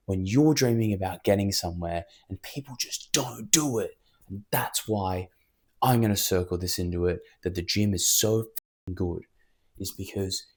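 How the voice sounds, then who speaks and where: A low-pitched man talks straight to the camera. He is fired up and emphatic, and he rambles from motivational advice into a story. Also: darkish tone. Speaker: vlogger.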